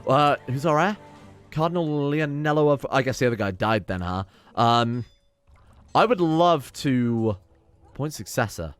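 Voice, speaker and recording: A man's voice: mid-range voice, lively intonation, measured pace, smooth, soft background music. A young man casually commenting on his strategy game, reading event text aloud, wry and swearing now and then. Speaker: game streamer. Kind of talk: casual let's play commentary.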